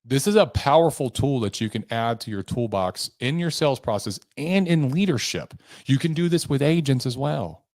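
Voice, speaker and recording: A man's voice: mid-range voice, expressive, normal speed, few pauses, darkish tone, no echo. A man hosting his own podcast, coaching listeners on sales in an emphatic, motivational way, shifting pace and tone for effect. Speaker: podcast host and sales trainer. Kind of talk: motivational solo podcast talk.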